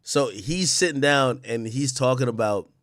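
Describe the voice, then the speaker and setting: A man's voice: medium pitch, normal speed, fairly bright tone, no echo, studio quality. A man streaming, reacting to news clips with incredulous, profane, laughing commentary.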